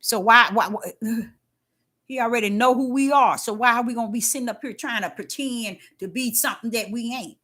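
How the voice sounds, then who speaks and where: Older woman, casual spiritual testimony, folksy and emphatic, somewhat high voice. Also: a little fast. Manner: swings between loud and hushed. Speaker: faith talk host.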